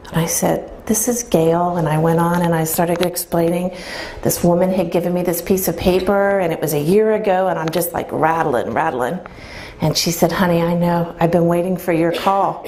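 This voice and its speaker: A woman's voice: on the low side, normal speed, a little hiss or hum. Woman telling a story to an audience. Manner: lively storyteller, quotes herself and others, asks the audience questions. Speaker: speaker telling her story. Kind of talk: storytelling talk to a live audience. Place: event room with an audience.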